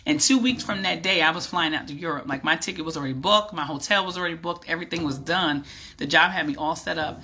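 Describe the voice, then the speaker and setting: A middle-aged woman tells her own story to the camera in a casual vlog. Her voice is bright and ringing. She speaks in a lively, animated way, like she's chatting with friends. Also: deep voice, fast. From New York. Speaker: vlogger and business coach.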